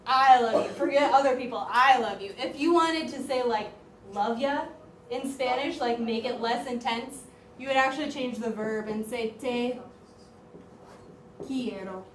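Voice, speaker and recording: A woman teaching a classroom grammar lesson as a high school Spanish teacher, talking in a lively, chatty way with lots of "like". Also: unhurried. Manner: lively, chatty, uses "like" often. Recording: echoey classroom, voice far from mic, faint room noise.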